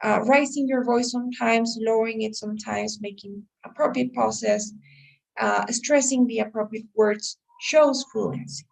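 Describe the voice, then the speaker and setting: A woman's voice: fairly high pitch, steady tone, a little slow, vocal fry, a little mellow. A woman teaching an English test-prep class, explaining patiently and checking in with her students often. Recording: voice a little far from the mic.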